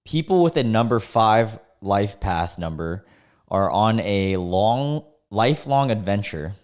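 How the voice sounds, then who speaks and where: A young American man with a slightly low voice chats casually as he reacts to what he reads. He laughs often, trails off, and restarts his sentences. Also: animated, takes it slowly, a little mellow, clean tone. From United States. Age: 20s. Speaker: YouTuber reacting to dating app posts.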